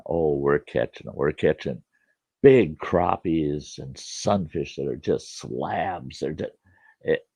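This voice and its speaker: Brief: folksy storyteller in his sixties, low and animated, dry lo-fi sound. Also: no echo. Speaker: storyteller host. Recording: dull lo-fi dry recording.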